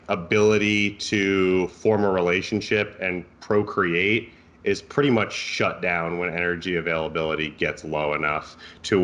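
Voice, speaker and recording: Male coach co-host, lowish voice, laid-back and jokey, casual podcast talk. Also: dull audio. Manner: joking, relaxed, easygoing.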